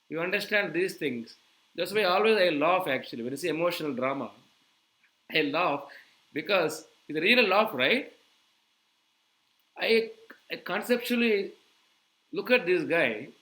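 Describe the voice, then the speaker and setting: A man giving a sermon, animated and full of rhetorical questions to his audience. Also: high-pitched, rough recording. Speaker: preacher.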